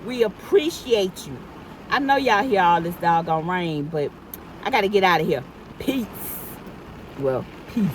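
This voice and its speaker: A woman's voice: medium pitch, animated, moderate pace, a little hiss or hum, low-quality recording. A middle-aged woman vlogging from inside her car, talking emphatically and repeating herself for effect. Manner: emphatic, repetitive, preachy. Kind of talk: casual car rant to camera. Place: inside a parked car in heavy rain.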